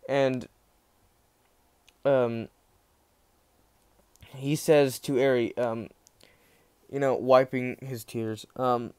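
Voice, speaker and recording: A man's voice: mid-range voice, flat delivery, very slow, long pauses, a little mellow, clear, resonant tone. A young man casually retelling a fan-fiction story, rambling with many restarts and acting out the quotes.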